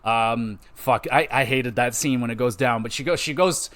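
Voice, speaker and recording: A man hosting a gaming podcast, recapping a game in a loose, profane, rambling way and briefly acting out characters' lines. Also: mid-range voice. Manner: profane, rambling, animated retelling with quick impressions. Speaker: podcast host. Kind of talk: casual game podcast monologue.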